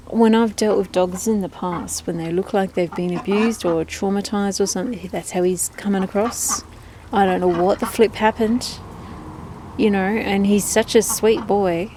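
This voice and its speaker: A woman's voice: medium pitch, a little mellow, slight background noise. A woman keeping ducks, talking to the camera outdoors in a rambling, chatty way and cooing at her birds in baby talk. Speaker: duck keeper. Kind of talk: casual vlog chat.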